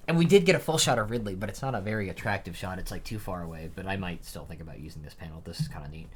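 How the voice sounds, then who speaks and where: A man's voice: low-pitched, very fast, slightly rough. A young man reading a manga chapter aloud and chatting about it in a rambling, casual way. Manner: rambling, chatty asides with fillers. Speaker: manga reaction streamer. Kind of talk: casual live reading and commentary.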